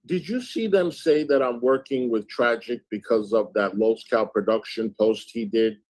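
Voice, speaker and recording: A man's voice: medium pitch, poor audio. A man hosting a livestream, telling a story by reading old chat messages aloud. He switches back and forth between "she goes" and "I said" and swaps swear words for "effing" or single letters. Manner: bleeps his own swearing with letters and "effing". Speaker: livestream host.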